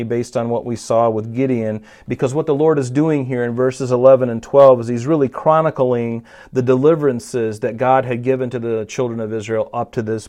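A man preaching verse by verse in a relaxed teaching voice, with a mid-range pitch. He stumbles and restarts now and then. He builds to louder, emphatic peaks as he drives points home. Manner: conversational teaching with frequent restarts and rising emphasis. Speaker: pastor. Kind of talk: expository sermon.

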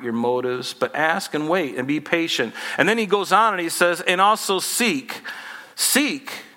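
A man's voice: a little high, sharp tone, long reverb tail. A man in his forties preaching a sermon in a conversational, humorous way, acting out little dialogues. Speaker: pastor.

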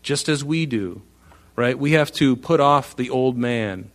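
Male pastor, mid pitch, earnest sermon delivery, stresses key words when reading scripture. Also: measured pace. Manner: earnest, emphatic, reads scripture aloud with rising force. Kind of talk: sermon, Bible teaching.

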